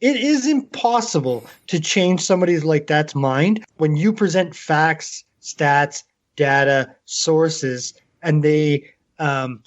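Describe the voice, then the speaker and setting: Canadian guy ranting on a podcast, swears a ton, kinda high voice, muffled audio. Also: slow pace. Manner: animated, swears constantly. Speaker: podcast co-host. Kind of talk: casual profane chat.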